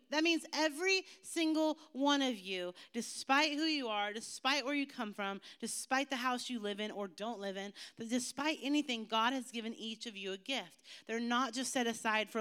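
Lively youth pastor woman, smooth voice. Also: on the high side. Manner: lively, chatty and joking, with emphatic slowed phrases. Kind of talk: youth sermon.

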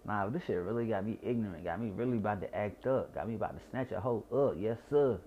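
A man's voice: fairly low pitch, fast talker, narrow, tinny audio, a little hiss or hum. A young man from Georgia with a Southern accent, slightly tipsy, rambling and repeating himself with stutters in a casual profane monologue. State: tipsy from wine.

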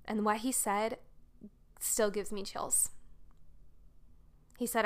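A woman hosts her own podcast and talks straight to her listeners in an easy, earnest way. She tells a personal story at a chatty pace and fills it with frequent "like"s. Her voice sits in a comfortable middle pitch. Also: steady tone, slow pace, pauses often. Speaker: podcast host.

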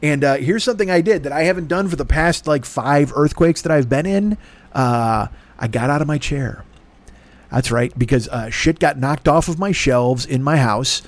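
A man's voice: fairly high pitch, normal speed, no echo. A middle-aged man hosting a show, telling a long story in a rambling, sardonic way with lots of swearing. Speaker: podcast host. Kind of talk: casual profane monologue.

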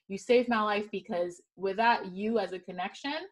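A woman's voice: medium pitch, moderate pace. A woman hosting a podcast panel, talking in an earnest, emphatic storytelling way. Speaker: podcast host. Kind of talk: heartfelt panel conversation.

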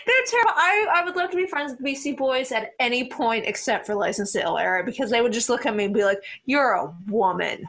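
A young woman co-hosting a casual music podcast, animated and quick with jokes and asides. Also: on the high side. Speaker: podcast co-host. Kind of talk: casual album review chat.

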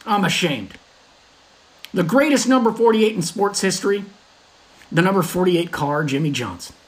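A man hosting his own sports podcast, talking in a brash, trash-talking fan manner. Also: high voice. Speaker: podcast host. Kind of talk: solo sports podcast monologue.

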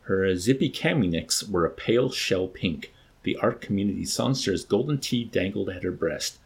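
Low husky guy reading a novel aloud, lively dramatic delivery. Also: moderate pace. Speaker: audiobook narrator. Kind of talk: scripted narration.

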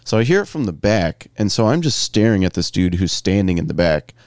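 A young man with a low, smooth and resonant voice tells a story on a podcast. He talks casually and curses freely, acting out each line of dialogue. The sound is close and dry. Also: a little fast, no echo. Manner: profane, animated retelling with acted-out quotes. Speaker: comedian podcast co-host.

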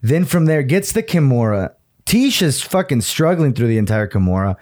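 A male podcast co-host chats casually about fights, swearing a lot and dropping Spanish words into his talk. His mid-range voice is very animated and somewhat dark, delivered at a normal speed.

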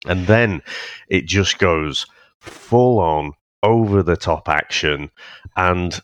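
A man co-hosting a casual film review podcast, talking in a halting, thoughtful way with many restarts. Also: low-pitched. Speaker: podcast co-host.

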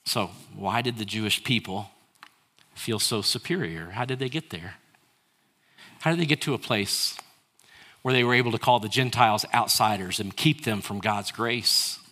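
Man, pastor, sermon, crisp bright tone, call and response with the congregation. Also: lowish voice, moderate pace. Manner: calls on the congregation to answer and repeat lines; rhetorical questions, shifts between hushed and raised delivery.

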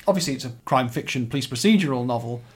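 A man's voice: mid-range voice, lively intonation, very fast, a little hiss or hum. A man hosting a casual podcast about crime novels, leading the talk and asking his co-hosts questions. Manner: leads the talk, asks questions. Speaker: podcast host. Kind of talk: casual book discussion.

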